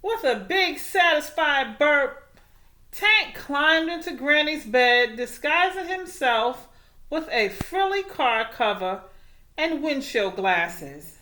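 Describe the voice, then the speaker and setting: A woman teacher reading a storybook aloud, with expressive, animated storytelling. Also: sits high, slow pace.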